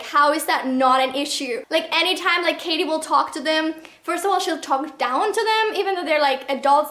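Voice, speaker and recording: A young woman rants through a book review with sarcastic asides and casual swearing. Her voice sits high, and the room around her rings with echo. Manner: sarcastic, animated, swears freely.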